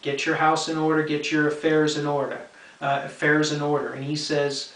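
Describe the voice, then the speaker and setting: A man's voice: fairly high pitch, little pitch movement, normal speed, a bit bright, far from the mic. A man teaching the Bible in an earnest, explanatory way. He often checks in with "okay?" and repeats key points for emphasis. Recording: roomy sound from off-mic.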